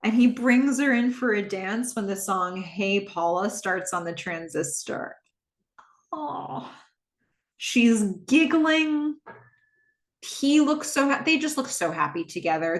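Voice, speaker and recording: A woman hosting a podcast, casually recapping a TV episode and acting out the characters' lines in lively asides. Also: mid-range voice, slow, reverberant. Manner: animated, acts out dialogue in quoted asides.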